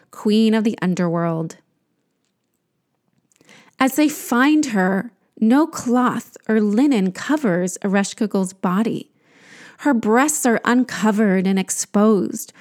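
A woman narrating an ancient myth in a deliberate, scripted reading. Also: medium pitch, a little mellow. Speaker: storyteller.

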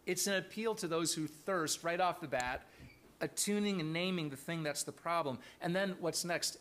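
A man's voice: a little high, moderate pace, a bit bright. A man preaching a sermon to his congregation, earnest and thoughtful, often restarting his phrases. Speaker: pastor.

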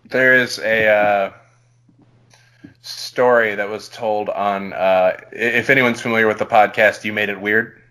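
A man with a low voice and a bright, forceful tone reads a listener's story on a podcast. He reads slowly and breathily, in a put-on sexy voice. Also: steady tone.

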